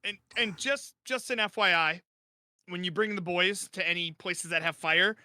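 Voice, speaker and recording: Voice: mid-range voice, normal speed, bright, forceful tone, no echo, clean studio sound. A player in a tabletop game, speaking casually with a joking manner.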